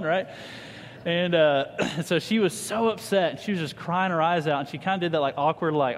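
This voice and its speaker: A man in his thirties preaching a sermon to a congregation, telling funny family stories with lively humor. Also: a little high, fairly quick, slight background noise. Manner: animated, humorous storyteller addressing a congregation. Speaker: pastor. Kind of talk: sermon with personal storytelling. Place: church hall. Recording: reverberant church hall.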